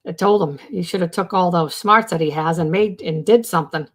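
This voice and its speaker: A woman's voice: lowish voice, brisk. A woman hosting a casual live stream about mental health. She rambles, restarts her sentences and fills them with "you know" and "um" as she chats with viewers in the comments. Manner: rambling, with many fillers and restarts.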